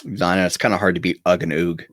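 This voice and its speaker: A man's voice: deep voice, fairly even intonation, fast, a bit bright, no echo, clean studio sound. A man from Oklahoma hosting over a video call, reading news stories aloud and adding wry jokes. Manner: wry, joking asides while reading. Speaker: show host and judge.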